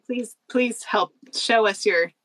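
A woman co-hosting a podcast, chatting over a video call in a bubbly, giggly, animated way. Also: on the high side, slow pace, no echo, rough recording. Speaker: podcast co-host. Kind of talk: casual chat.

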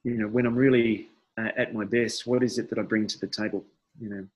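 A middle-aged man, a podcast guest, talking reflectively and hesitantly, with many pauses and restarts. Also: lowish voice, fairly even intonation, breathy edge, muffled recording. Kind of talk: reflective conversational interview.

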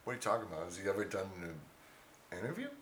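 A man co-hosting a casual comedy chat, telling crude jokes in a deadpan way. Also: fairly low pitch, racing. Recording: echoey room.

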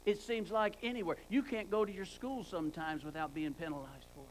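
Emphatic high-voiced male preacher. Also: fairly even intonation, fairly quick, slight background noise, low-quality recording. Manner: emphatic, repeats words for stress; stumbles and restarts words. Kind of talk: sermon.

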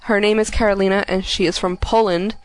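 A woman's voice: medium pitch, fairly even intonation, fairly quick, no room sound. A woman hosting a podcast in casual chat, laughing easily. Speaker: podcast host.

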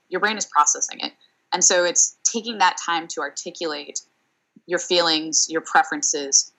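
A woman career coach answering interview questions in a thoughtful way, with frequent fillers and pauses. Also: lowish voice, bright, forceful tone, rough recording. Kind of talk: podcast interview.

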